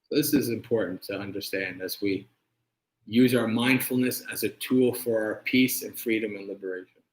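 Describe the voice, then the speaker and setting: A monk giving a conversational dharma talk and answering questions, often checking in with "right?". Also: male voice, fairly low pitch, steady tone, normal speed. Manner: conversational, keeps asking "right?". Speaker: monk teacher. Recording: echoey room.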